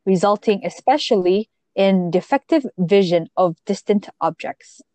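A woman's voice: medium pitch, unhurried, warm tone, no echo. Woman reading spelling words, dry sound. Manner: laughs often, reads definitions plainly. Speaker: spelling bee quizmaster. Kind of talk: casual chat among friends.

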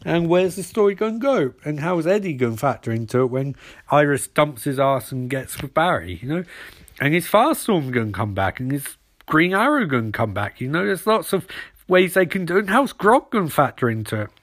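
A man's voice: fairly high pitch, big pitch swings, a little fast, a bit bright. Rambling guy recapping a show. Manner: rambling, filler-heavy, repetitive. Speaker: TV episode reviewer. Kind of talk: casual recap vlog.

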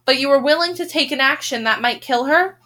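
A woman reading aloud as a male lawyer questioning a witness in a measured, formal way. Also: sits high, pushed and bright.

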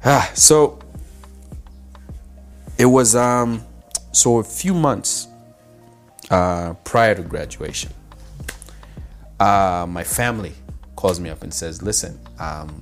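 A man from Zambia earnestly telling a personal story in a halting, heartfelt way. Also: on the low side, faint music behind. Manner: earnest, halting storyteller who acts out quoted voices. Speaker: guest sharing a personal testimony.

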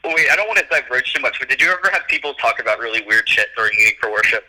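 A man co-hosting a casual comedy podcast, lively and laughing, wandering off on tangents. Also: medium pitch, rapid-fire, poor audio. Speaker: podcast co-host.

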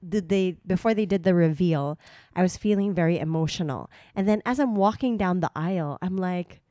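A woman's voice: on the low side, normal speed, warm tone, no echo, clean studio sound. A young woman chatting casually, telling a story animatedly and switching between English and Tagalog. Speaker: vlogger recounting her wedding. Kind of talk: casual chat.

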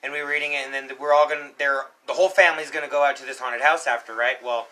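A young man co-hosting a podcast, telling a story in a casual, animated way, acting out shouts and quotes. He coughs now and then. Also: medium pitch, rapid-fire, poor audio. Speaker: podcast co-host.

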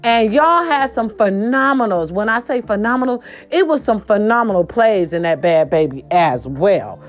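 A woman hosting a casual gossip show, sassy and animated, swearing freely, with a hoarse voice from a sore throat. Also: mid-range voice, normal speed, highs cut off. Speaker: host.

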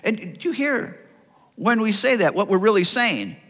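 A male pastor preaching a sermon, animated, acting out the voices of people in the story. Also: high-pitched, normal speed. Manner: animated preaching, acts out voices of listeners and Jesus. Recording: long reverb of a church hall.

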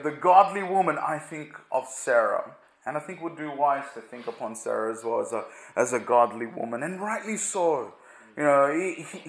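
Higher-voiced man preaching in an echoey room. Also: a bit bright. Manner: halting, repeats words, many "you know" fillers. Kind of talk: conversational Bible teaching.

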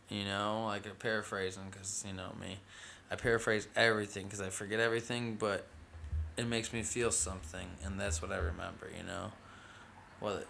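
A man rambles through a loose monologue on his own show, drawling and laid-back, with a gravelly edge to his voice. He swears freely and tacks "man" onto almost every line. A faint noise sits under the recording. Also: lowish voice, a bit bright. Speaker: podcast host.

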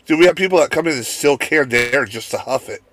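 A man's voice: medium pitch, fast talker. A man telling rowdy work stories on a casual podcast, swearing freely and acting out the people he talks about. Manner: profane, animated, acts out the people in his stories.

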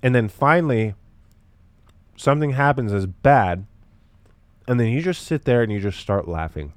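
A man's voice: medium pitch, expressive, moderate pace, no room sound. A young man talking in a rambling, profane way with lots of fillers, hosting a casual solo podcast.

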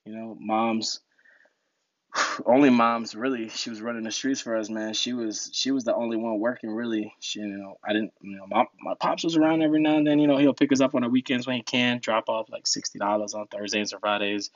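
A man's voice: lowish voice, steady tone, fairly quick, no echo, lo-fi sound. A young man from New Jersey, a podcast guest telling stories in a laid-back way, laughing often. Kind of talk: casual storytelling.

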